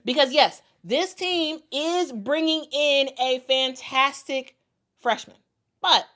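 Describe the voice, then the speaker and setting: This voice sits high and sounds fairly bright as a woman gives laid-back basketball commentary. Viewer comments get read aloud, and she hammers her points by repeating them.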